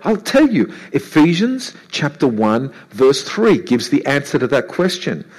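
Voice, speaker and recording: A man preaching a sermon to a congregation, animated and lively, acting out Bible characters' voices in his story. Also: medium pitch, a little slow, rough recording.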